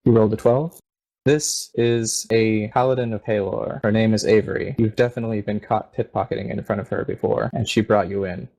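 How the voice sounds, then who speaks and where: A man narrating a tabletop game as game master, steady and descriptive. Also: on the low side, a little fast, creaky, poor audio.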